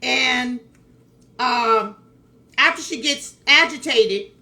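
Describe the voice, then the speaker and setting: Sitting high, her voice sounds pushed and bright. The woman vlogger tells a story through casual commentary, emphatic and repetitive, speaking directly to viewers and dropping asides.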